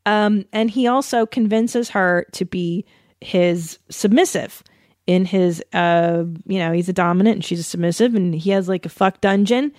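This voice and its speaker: A woman from the Los Angeles area, USA, hosts a casual solo podcast, reading aloud with a giggly, self-conscious, mock-dramatic delivery. Her voice is medium-pitched, and the recording is dry with clean studio sound.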